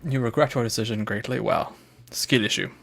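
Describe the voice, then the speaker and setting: Gravelly-voiced playful male streamer. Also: on the low side, fairly quick, faint music behind. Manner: playful, rambling, slips into a put-on British accent. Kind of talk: casual gameplay commentary.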